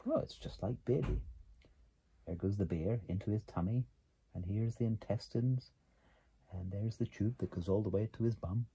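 A man reads a picture book aloud in a slow, unhurried way, his pitch swinging widely with delight. His tone is warm and mellow and strongly husky, and he gasps and exclaims over the pictures. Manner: animated, gasping and exclaiming at pictures. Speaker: reader.

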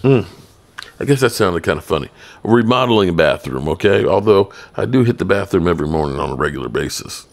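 In a deep, creaky voice, a middle-aged man hosts a sports podcast on his own. His commentary is blunt and rambling, delivered in a tired, late-night way.

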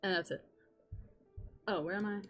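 A young adult woman streaming a game in casual chatter, excitable, rambling and swearing often. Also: medium pitch, moderate pace, faint music behind.

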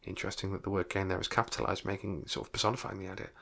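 A man's voice: deep voice, level tone, rapid-fire, gravelly, hardly any pauses, fairly bright tone. A man teaching a literature revision lesson, explaining a novel with enthusiasm.

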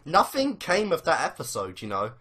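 A young adult fan rambles casually about a cartoon episode, peppering the commentary with "you know" fillers and swearing. The mid-range voice swoops wildly in pitch at a normal speed, with a fairly bright tone and a breathy edge.

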